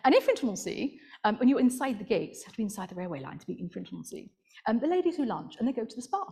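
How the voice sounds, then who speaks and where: A woman's voice: medium pitch, very animated, rapid-fire, vocal fry, dark tone, breathy edge. A woman podiatrist presenting slides at a conference, chatty and laughing at her own asides.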